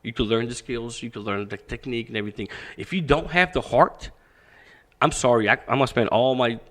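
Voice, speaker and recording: Young male fight coach, candid and foul-mouthed, animated storyteller who acts out every exchange, medium pitch. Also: fairly quick. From Pakistan. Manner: profane, animated, acts out quoted dialogue. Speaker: boxing coach, podcast guest.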